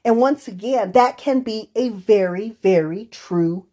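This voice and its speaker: A woman's voice: mid-range voice, a little slow, dark tone. Woman therapist telling client stories. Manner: storytelling, acts out quoted dialogue. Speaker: therapist co-host. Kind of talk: podcast conversation.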